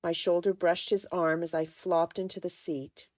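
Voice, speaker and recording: A woman reading a novel aloud in a measured, even storytelling manner. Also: lowish voice, no echo, clean studio sound. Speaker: reader of a novel. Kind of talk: audiobook narration.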